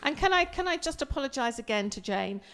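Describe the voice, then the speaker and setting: A woman's voice: high voice, expressive, fast, big-room sound. A woman co-hosting a live music stream, teasing her partner and sending cheerful greetings to viewers. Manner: teasing, warm-hearted, cheerfully chiding. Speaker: co-host. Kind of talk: casual live-stream chat.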